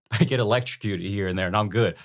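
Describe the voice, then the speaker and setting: A man's voice: fairly low pitch, a little fast, natural voice. A man voicing a laid-back male pet dog that talks in casual slang.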